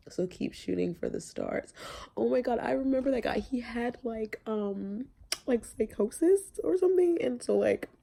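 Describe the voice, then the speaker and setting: A woman's voice: sits low, gravelly, darkish tone. A young woman vlogging casually from her car, rambling with lots of fillers while reading notes aloud. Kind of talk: casual reminiscing vlog.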